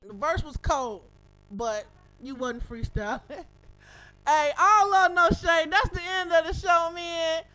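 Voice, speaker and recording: High, bright-voiced woman host. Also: takes it slowly. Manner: emphatic, profane, fires rhetorical questions. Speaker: radio show host. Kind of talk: casual commentary breaking down a rap verse.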